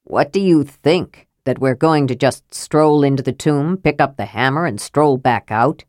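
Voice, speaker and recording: A woman voicing a gruff, grumbling old male dwarf in an audiobook, blunt in manner. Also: extremely low pitch, measured pace, a little mellow, dry recording, clean studio sound, voice pushed down. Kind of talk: audiobook character voice.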